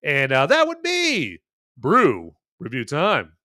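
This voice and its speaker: A man with a slightly high voice and huge pitch swings talks slowly in a sharp tone, recorded cleanly in a studio with no echo. He hosts a casual movie and beer review show, chatting to camera in a rambling, enthusiastic, jokey way, full of fillers and repeated tags like "okay?".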